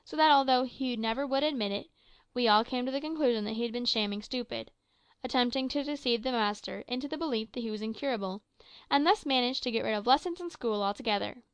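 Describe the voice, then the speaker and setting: A woman's voice: a little high, clean tone, no echo. Woman reading an adventure story aloud. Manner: measured storytelling, lifts her voice for quoted lines. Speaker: audiobook reader. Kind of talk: scripted narration.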